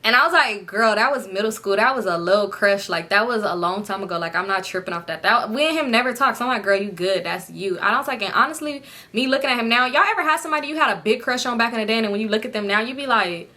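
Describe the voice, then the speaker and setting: Bright-voiced young woman telling a story. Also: on the high side, fast talker, hardly any pauses. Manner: animated, acts out friends' lines with profanity. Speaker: storytime vlogger. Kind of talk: casual storytelling to viewers.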